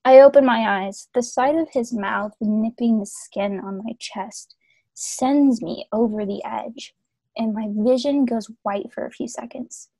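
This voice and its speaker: A woman's voice: on the high side, unhurried, vocal fry, dark tone, breathy edge, no room sound, poor audio. A woman on a video call who reads a story aloud with friends, giggling, self-conscious and stumbling over lines. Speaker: reader in a group fanfic reading. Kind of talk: casual chat and reading aloud.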